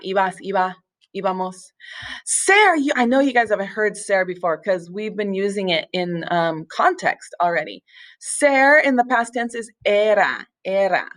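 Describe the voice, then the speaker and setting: A woman teaching a recorded language lesson, explaining step by step with patience, small slips and fillers. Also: medium pitch. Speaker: Spanish teacher. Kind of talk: recorded screen-share lesson.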